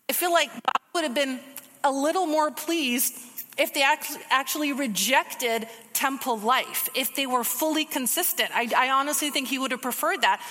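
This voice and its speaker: A woman giving a casual, conversational sermon, teaching from a book of the Bible with quick asides. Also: high-pitched, sharp tone, big-room sound.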